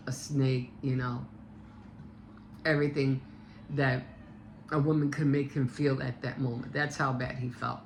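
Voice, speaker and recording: Woman, low voice, casual rambling retelling, slight background noise. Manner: rambling, many fillers and restarts. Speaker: vlogger.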